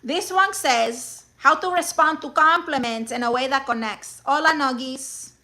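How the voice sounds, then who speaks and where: A woman's voice: high-pitched, unhurried, bright, forceful tone, full character voice. A woman playing a brash, self-assured woman who sassily mocks advice and chat while dropping Spanish words. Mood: sassy, scornful. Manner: sassy, scornful, interjects Spanish words. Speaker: livestream comedy host reading chat and a self-help book. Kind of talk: live-streamed character comedy.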